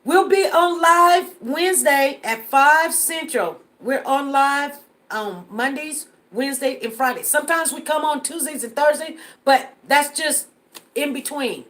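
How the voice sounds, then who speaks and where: Woman, high voice, live-stream host, casual chat, earnest, repeats herself. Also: measured pace, a bit bright.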